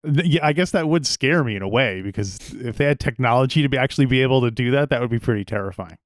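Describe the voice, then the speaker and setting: Man, mid pitch, deadpan, casual podcast chat, dry sound. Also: fast talker, dry recording. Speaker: podcast co-host.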